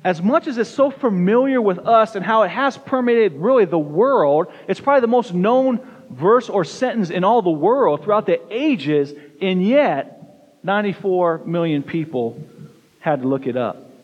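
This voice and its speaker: Emphatic pastor preaching in a reverberant hall. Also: male voice, sits high, expressive, a little slow. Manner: emphatic preaching with rhetorical questions to the congregation; repeats and stresses single words. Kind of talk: sermon. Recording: dull lo-fi sound with long hall reverb.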